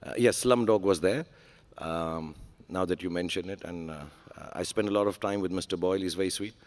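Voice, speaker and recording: A man's voice: sits low, fairly quick, a little mellow. A man, a guest speaking candidly on a large conference stage, earnest and self-deprecating with frequent fillers. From India.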